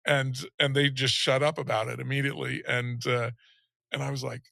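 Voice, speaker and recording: A man's voice: mid-range voice, little pitch movement, fairly quick, gravelly, bright, forceful tone, no room sound. A middle-aged man, an interview guest, retelling a personal story with lots of restarts and acting out the people he quotes.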